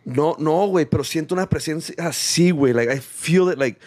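A man's voice: a little high, quick pace, darkish tone. A man in a loose, casual chat, rambling with many restarts and switching into Spanish slang.

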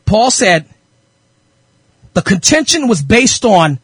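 Radio host preacher, male, very high and bright with a husky edge, fervent and repetitive. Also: sing-song, takes it slowly, no echo, clean studio sound. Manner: fervent, repeats phrases, rhetorical questions. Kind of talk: impassioned radio sermon.

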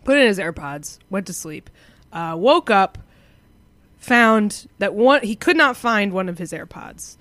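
Woman co-host from Massachusetts, rambling storyteller, dry studio sound, middling pitch. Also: expressive, a little slow, fairly bright tone, dry recording. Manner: rambling storyteller, laughs often. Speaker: podcast co-host. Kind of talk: casual chat.

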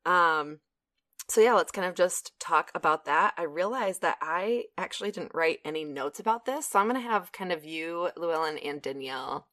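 A woman's voice: on the low side, lively intonation, moderate pace, fairly bright tone, no echo, clean studio sound. A young woman co-hosting a podcast in casual chat, chatty with frequent fillers and laughs. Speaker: podcast co-host.

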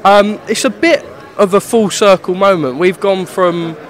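A man from England, a boxing interviewer, joking and firing quick comebacks in casual banter. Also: high voice.

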